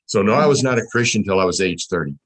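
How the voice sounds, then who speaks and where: A middle-aged man speaks over a video call with a low, husky voice. He teaches patiently, asking rhetorical questions and answering them himself. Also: expressive, fast, a bit bright, rough recording. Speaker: panel speaker. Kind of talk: explaining in a panel discussion.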